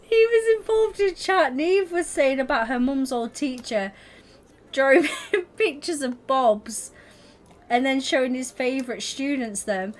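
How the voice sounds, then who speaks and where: A woman's voice: sits high, measured pace. A young woman streaming live, chatting casually with her viewers and constantly breaking into giggles. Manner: giggly, keeps breaking into laughter.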